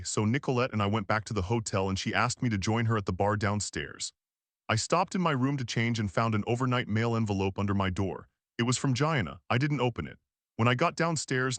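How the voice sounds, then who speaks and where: A man narrating an audiobook in the first person, calm and measured. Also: on the low side, dry recording.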